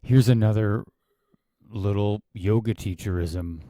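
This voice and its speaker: A man with a low, mellow voice talks casually about teaching yoga. He muses aloud with restarts and questioning asides. The sound is dry and close. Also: expressive, unhurried, no echo. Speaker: yoga teacher reviewing a class. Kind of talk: casual commentary.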